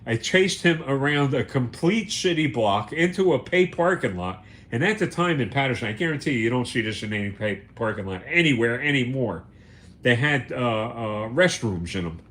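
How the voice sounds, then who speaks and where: An American livestream host with a medium-pitched, fairly bright voice tells a story in a casual monologue. He curses often, speaks emphatically, repeats words, and acts out what people said.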